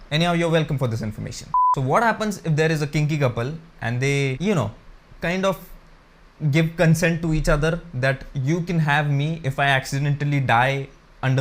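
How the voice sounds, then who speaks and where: Crude stand-up comic, higher voice. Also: male voice. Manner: crude, conversational, addresses viewers as guys. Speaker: stand-up comedian. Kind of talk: stand-up comedy set. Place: his own room. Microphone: camera mic.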